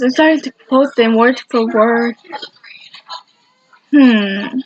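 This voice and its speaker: High-voiced woman rambling excitedly. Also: slow. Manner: rambling and enthusiastic, with many self-corrections. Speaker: fan video creator. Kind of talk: casual fan commentary countdown. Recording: dull lo-fi sound with faint noise.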